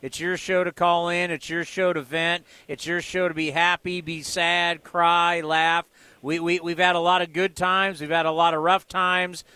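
A man's voice: fairly high pitch, level tone, moderate pace, pushed and bright, smooth, no echo. A man hosting a sports call-in radio show, upbeat and encouraging with callers. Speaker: radio host.

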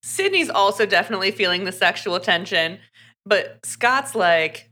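A young woman co-hosting a podcast, talking casually through a story. Her voice is bright and forceful, with plenty of "like" fillers. She recaps the plot and slips into quick impressions of the characters along the way. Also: medium pitch, expressive. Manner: chatty, many "like" fillers, acts out characters' lines. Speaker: podcast co-host reviewing a romance novel. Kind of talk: casual chat, retelling a plot.

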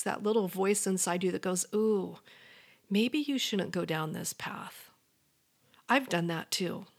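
Earnest woman coaching listeners on a podcast. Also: medium pitch. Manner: earnest, encouraging, speaks straight to the listener. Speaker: podcast host and life coach. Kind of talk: motivational podcast monologue.

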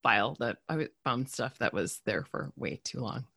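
A woman hosts a relaxed interview and keeps her guest going with frequent encouragement. Her voice is low but swings lively in pitch. The sound is dry and close. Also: normal speed, gravelly, slightly rough, dry recording. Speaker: host. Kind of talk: casual conversational interview.

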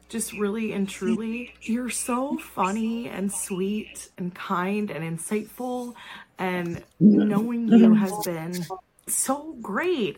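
A woman's voice: fairly high pitch, poor audio. A woman recording a heartfelt birthday message while crying. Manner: heartfelt, tearful.

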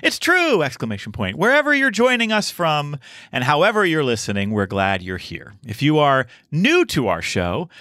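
A man hosting a podcast in casual chat, animated and quick to laugh. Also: a little high, no room sound, clean studio sound. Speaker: podcast host.

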